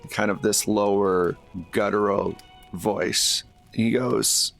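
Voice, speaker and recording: A man as game master, narrating scenes in a measured, descriptive way. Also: lowish voice, fairly even intonation, creaky, soft background music.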